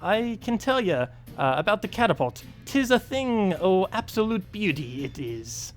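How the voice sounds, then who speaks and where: A hearty male dwarf engineer from a fantasy game, as a man puts him on, speaking in a thick put-on brogue. The voice sits noticeably higher than the performer's own and drags slowly. The delivery stumbles along with many filler pauses. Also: sing-song, soft background music. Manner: halting, slow and drawn out, full of filler pauses. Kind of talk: streamer reading game dialogue aloud.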